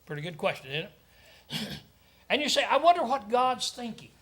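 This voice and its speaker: A man preaching a sermon, often clearing his throat and asking his listeners rhetorical questions. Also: very high voice, big pitch swings, normal speed, a bit bright.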